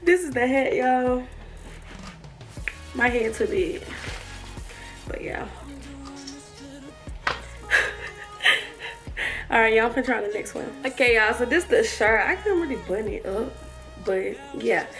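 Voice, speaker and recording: A woman's voice: fairly high pitch, slow, long pauses, fairly bright tone. Breathless chatty young woman in an echoey room. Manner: chatty, laughing, addresses viewers as y'all. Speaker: fashion vlogger. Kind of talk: casual try-on haul chat. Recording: echoey room, far from mic, faint music.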